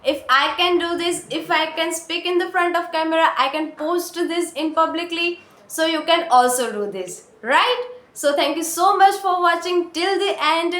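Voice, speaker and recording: A woman with an Indian accent talking earnestly to her camera, encouraging learners and pausing often on "uh" fillers. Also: extremely high pitch, fairly bright tone. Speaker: English-learning vlogger. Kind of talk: casual talk to camera. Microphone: phone or camera mic. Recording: echoey room.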